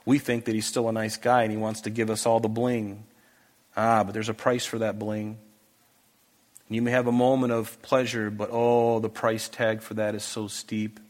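A man's voice: fairly low pitch, little pitch movement, normal speed, darkish tone. A man preaching a sermon to a congregation, earnest and emphatic, pressing his listeners with pleading questions. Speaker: pastor. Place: church hall with a congregation.

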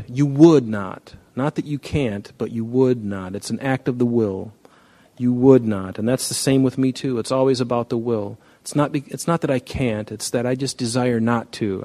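A man preaching a sermon in an easy, conversational way. His voice sits at an ordinary middle pitch. He talks plainly to the congregation and sometimes slips into the voices of people in a story. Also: normal speed, warm tone. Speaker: pastor.

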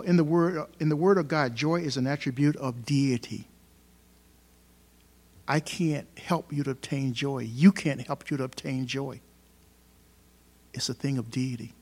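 Male pastor, mid-pitched voice, emphatic sermon delivery, loud and soft by turns, church setting. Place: church hall.

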